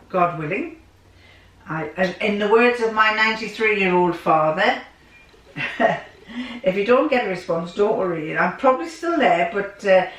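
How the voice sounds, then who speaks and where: A woman's voice: mid-range voice, expressive, a little slow, fairly bright tone, distant mic. A woman in her sixties chatting casually to her viewers in a rambling way, often repeating herself. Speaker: sewing vlogger. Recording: echoey room, away from mic.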